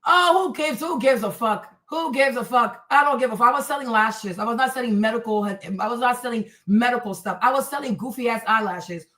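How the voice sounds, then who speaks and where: High, bright-voiced woman ranting hard. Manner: combative, profane, mocking; loud, emphatic repetition. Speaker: livestream host. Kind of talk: ranting livestream talk to chat.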